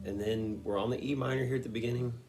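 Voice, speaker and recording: A man with a steady, mid-range voice teaches a guitar song note by note at a quick pace. In this step-by-step lesson he patiently explains each finger move, sometimes singing a lyric.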